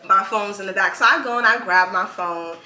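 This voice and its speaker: A woman's voice: mid-range voice, fairly quick, sharp tone, echoey room. A woman hosting a podcast, chatting casually and telling a story with lots of filler words. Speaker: podcast host. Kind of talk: casual chat.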